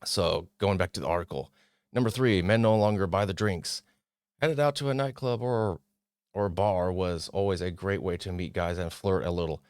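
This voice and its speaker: Low-voiced man riffing on an article. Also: moderate pace, clean tone, dry recording, clean studio sound. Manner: animated, mocking impressions of others. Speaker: podcast host. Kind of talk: casual commentary reading an article.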